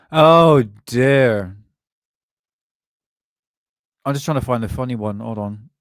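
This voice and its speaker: A man's voice: mid-range voice, slow, long pauses, dry recording. Man, live stream host, jokey and rambling, laughs a lot, dry sound. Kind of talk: casual live stream chat. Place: at his desk.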